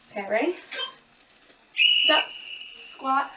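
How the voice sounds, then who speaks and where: A woman's voice: high-pitched, pushed and bright, slight background noise. A woman fitness instructor giving upbeat, chatty coaching cues during a home kickboxing workout, a bit out of breath. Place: home room. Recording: echoey room from a distance.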